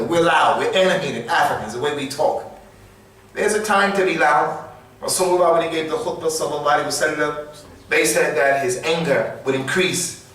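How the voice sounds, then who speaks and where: A man's voice: fairly high pitch, a bit bright. A man giving an emphatic sermon in a small mosque, repeating his key phrases for weight. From United States. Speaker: Islamic lecturer. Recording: echoey room, distant mic.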